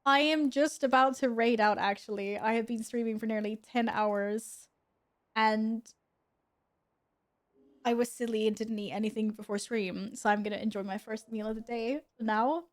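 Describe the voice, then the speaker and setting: During a casual gaming stream at home, a young woman talks with her viewers, giggles and chats to her cat. She has a fairly high pitch, a steady tone and a moderate pace.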